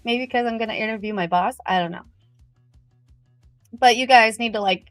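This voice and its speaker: A woman's voice: on the high side, no echo, faint music behind. Chatty, nervous woman hosting a livestream. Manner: chatty, upbeat, nervous and fast. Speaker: livestream host. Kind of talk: casual livestream chat.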